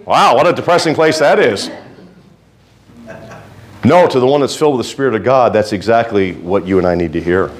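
A male pastor preaching a sermon in a fervent, folksy way, swinging between quiet asides and loud exhortation. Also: medium pitch, fairly quick, pauses often.

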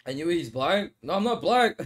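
A man's voice: on the high side, very animated, normal speed. A young man streaming a mobile game, joking and swearing in casual chat while he answers comments and eats noodles. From Australia. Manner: laid-back, joking, swears, laughs often; talks while eating noodles.

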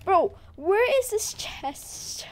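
Lively, excitable woman narrating her game. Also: very high-pitched, extremely slow. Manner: excitable, rambling, slangy. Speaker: gaming video creator. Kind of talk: casual gaming commentary.

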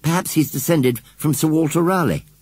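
Imaginative young girl, eager and earnest, pitched higher; male reader doing the voice. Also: normal speed, darkish tone, husky, no echo.

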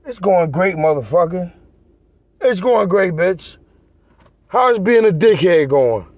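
A man's voice: high voice, animated, slow pace, no echo. A man vlogging in a heated, profane rant aimed straight at his viewers. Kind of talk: ranting monologue to camera.

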